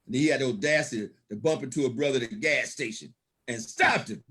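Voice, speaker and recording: This man speaks fast in a husky, pushed and bright voice of medium pitch while delivering a motivational storytelling talk as a business event's guest speaker. He laughs a lot and calls out praise with a folksy, preacher-like flair.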